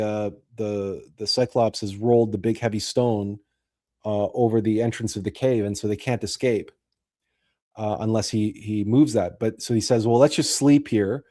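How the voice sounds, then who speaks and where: A man hosting a show, retelling and explaining a classic story in a deliberate, explanatory way. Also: fairly low pitch, steady tone, darkish tone. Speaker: host.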